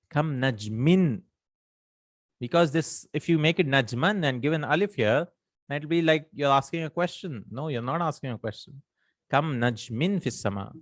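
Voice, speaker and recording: A man's voice: medium pitch, fairly quick, no room sound. A man teaching an Arabic grammar lesson in English, explaining step by step, working Arabic terms into his speech and checking in with the listener.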